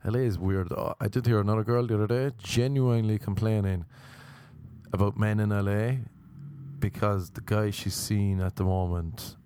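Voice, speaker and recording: A man's voice: fairly low pitch, fairly even intonation, moderate pace, mellow, clean tone. An Irish man delivering a rambling, sardonic comedic rant.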